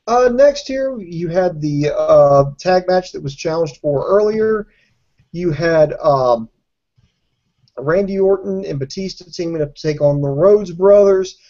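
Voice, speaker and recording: A man's voice: fairly high pitch, expressive, a little slow, mellow. A man from Alabama co-hosting a casual wrestling review show, dry and sarcastic. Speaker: podcast co-host. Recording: dull lo-fi audio.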